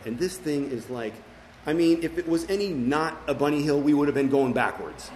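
A man's voice: mid-range voice, normal speed, slight background noise, low-quality recording. A middle-aged man sharing his recovery story as personal testimony at a meeting, earnest and full of fillers and restarts.

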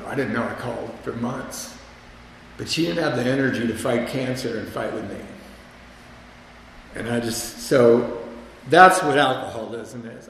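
A man's voice: medium pitch, a bit bright, a little hiss or hum. A man telling a candid, self-mocking personal story about his past drinking, with wry humor. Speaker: speaker sharing a recovery story. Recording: echoey hall with long reverb.

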